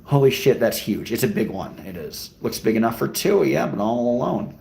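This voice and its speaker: A man's voice: medium pitch, very animated, normal speed, gravelly, darkish tone. A man livestreaming while out walking, answering his chat in a joking, crude, rambling way. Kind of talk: casual chat. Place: walking outdoors in a city.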